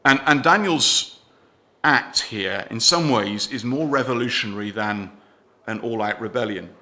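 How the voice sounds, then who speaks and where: A male preacher delivering a sermon in a church. His voice is bright and forceful, at a middle pitch for a man. He speaks earnestly, poses questions to his listeners, and often lets his phrases trail off more quietly. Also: unhurried. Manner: earnest, asks the congregation questions, drops softer at line ends.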